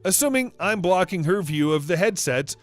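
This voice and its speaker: Lively man narrating stories. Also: sits high, normal speed. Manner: lively storytelling, acts out dialogue. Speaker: story narrator. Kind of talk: scripted narration of reader stories.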